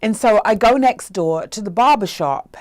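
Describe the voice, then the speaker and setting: A woman life coach tells a personal story conversationally, frequently checking in with "right?" and acting out the voices of people she quotes. Her medium-pitched voice is animated and moves at normal speed.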